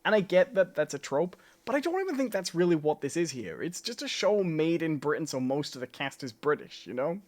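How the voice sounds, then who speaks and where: A man's voice: fairly high pitch, very animated, a little fast, hardly any pauses. A man co-hosting a live stream, chatty and opinionated, often checking in with "you know". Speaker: podcast co-host. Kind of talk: casual live-stream chat.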